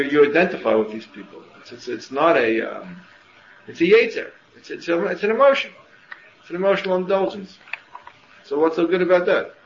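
A man's voice: fairly high pitch, a bit bright, a little hiss or hum. A man teaching a class on Jewish thought, lecturing with rhetorical questions and frequent restarts. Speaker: Torah teacher. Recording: muffled roomy classroom recording with faint ambience.

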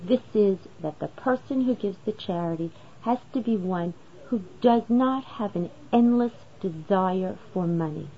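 A woman's voice: medium pitch, unhurried, muffled recording, a little hiss or hum. A woman teaching a Torah lesson, explaining step by step and posing rhetorical questions to her listeners. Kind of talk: religious lesson.

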